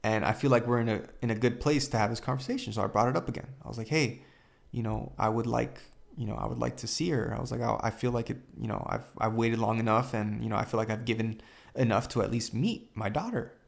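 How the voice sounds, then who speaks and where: A young man hosting a podcast, retelling a painful family story in a halting way, full of fillers and quoted dialogue. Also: mid-range voice, gravelly. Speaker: podcast host. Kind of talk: personal storytelling.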